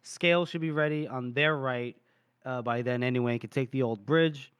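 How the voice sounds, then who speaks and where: A man's voice: medium pitch, normal speed, smooth, no room sound. Man animatedly retelling a book chapter. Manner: animated retelling, briefly acting out characters' lines. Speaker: podcast co-host. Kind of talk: casual book discussion, retelling scenes.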